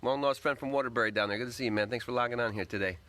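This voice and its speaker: A man's voice: medium pitch, very fast, a bit bright, a little hiss or hum. A man hosting a casual livestream, greeting viewers by name and rambling upbeat while he eats. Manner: talks while eating. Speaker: livestream host.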